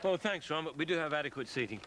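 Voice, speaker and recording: A man's voice: fairly high pitch, lively intonation, fast, recorded from a distance, noisy background, close to an everyday voice. An actor playing a pompous, stiffly formal middle-aged man organising a street party. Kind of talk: soap opera acting.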